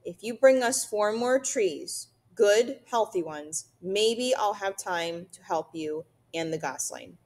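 A woman's voice: mid-range voice, lively intonation, slow, hardly any pauses, darkish tone. A woman voicing a stubborn, grumpy male beaver father who talks stiffly and mutters in a storybook reading. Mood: gruff.

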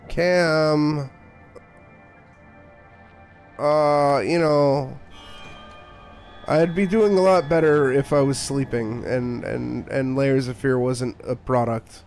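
A man's voice: mid-range voice, slow, pauses often, a little mellow, faint music behind. A man streaming a horror game, giving sarcastic, mock-scared commentary and swearing freely. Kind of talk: live gameplay commentary.

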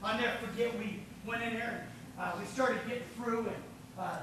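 A man's voice: very high-pitched, fairly even intonation, fairly quick, background noise. A man preaching a sermon in a church sanctuary with a folksy storytelling manner and frequent asides. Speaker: pastor. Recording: echoey church from far off.

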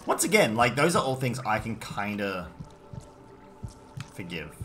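Excitable Australian man streaming a game. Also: a little slow, soft background music. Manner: excitable, reads chat aloud, jumps to high yelps. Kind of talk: live gameplay stream, chatting with chat.

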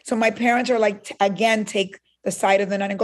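Talking fast in a mid-range voice, a middle-aged Cuban woman shares a personal story as a guest in an interview. She is animated and acts out the things others told her.

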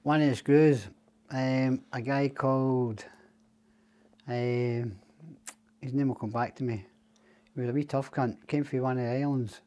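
A man's voice: mid-range voice, fairly even intonation, unhurried, long pauses, darkish tone. A Scottish man telling long stories as a podcast guest, rambling and swearing freely. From Scotland. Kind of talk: casual storytelling chat.

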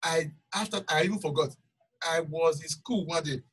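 A man's voice: on the high side, moderate pace, fairly bright tone, husky, far from the mic, rough recording. A man preaching a sermon and telling a personal testimony, emphatic and repeating phrases for stress.

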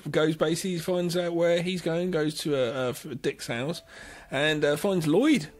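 A man's voice: fairly high pitch, a little slow. A man co-hosting a podcast, chatting casually about a film and mimicking its characters. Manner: animated, laughs and mimics characters. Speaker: podcast co-host. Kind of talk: casual film recap chat.

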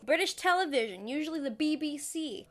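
A woman's voice: sits high, animated, fairly quick. A young American woman vlogging in a playful, self-mocking, chatty way. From United States. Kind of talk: casual jokey vlog.

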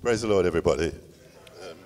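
In a church, a son in his sixties reads a eulogy for his father, emotional and struggling to get through it. His low voice moves briskly, and there is music behind him.

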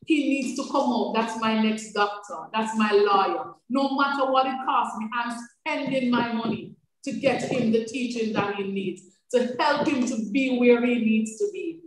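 A woman's voice: fairly high pitch, moderate pace, few pauses. Passionate woman on echoey call. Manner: passionate, repetitive, faith-filled. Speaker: foster care director and foster mother. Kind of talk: heartfelt testimony on a webinar. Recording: echoey, distant from mic, noisy.

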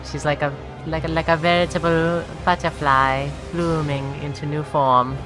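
A woman's voice: sits low, little pitch movement, normal speed. Profane woman streamer over game music. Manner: profane, exasperated, talks to viewers; shouts and shrieks when dying. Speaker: streamer playing a video game. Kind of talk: gaming commentary.

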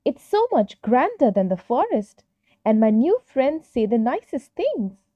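An eager, dreamy little boy fir tree, as a woman puts him on for a children's storybook. His voice sits high and lively, full of impatient longing. The recording sounds slightly dull and lo-fi. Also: a little slow, dry recording. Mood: excited. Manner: wistful and excitable.

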